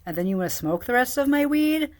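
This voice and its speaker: A woman's voice: high-pitched, very animated, quick pace. A young woman telling a long, rambling, profane story, venting about a friend and a boss, with lots of "like.". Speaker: vlogger. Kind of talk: casual storytelling rant.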